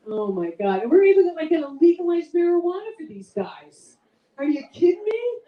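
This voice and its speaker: A middle-aged woman's self-mocking, chatty comedy set plays to a live audience in an event room, her pitch swinging dramatically at a moderate pace. The sound is lo-fi and echoey, captured far from the mic with her voice off-mic.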